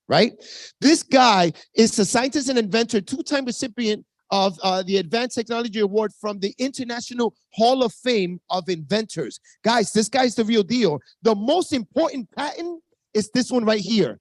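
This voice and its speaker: A man's voice: high-pitched, expressive, normal speed, dry recording. Hyped fifty-something man, Spanish-accented English. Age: 50s. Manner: hyped, talks straight to the audience, many asides. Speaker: network marketing presenter. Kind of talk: energetic sales pitch. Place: team video call stream. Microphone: video call.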